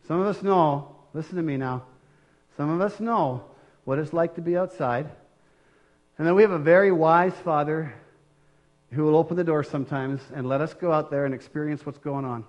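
High-voiced older male preacher. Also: moderate pace. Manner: earnest, conversational, with restarts. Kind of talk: sermon.

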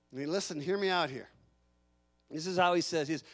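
A middle-aged man preaching a sermon in an animated way, sometimes acting out the voices of the people he quotes. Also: high-pitched, brisk, no room sound. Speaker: pastor.

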